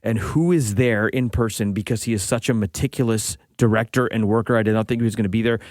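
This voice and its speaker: A man in his forties, co-hosting a podcast and telling a long anecdote in a relaxed, chatty way, acting out the dialogue as he goes. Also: lowish voice, fast talker, dry recording, studio quality. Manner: lively storyteller acting out quoted dialogue. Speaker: podcast co-host. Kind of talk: casual anecdotal storytelling.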